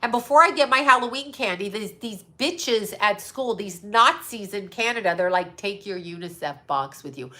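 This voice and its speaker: A woman's voice: mid-range voice, bright, forceful tone. A middle-aged woman hosting her own channel, ranting angrily and sarcastically to her viewers and swearing often. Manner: angry, profane, sarcastic ranting. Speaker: psychic medium and channel host.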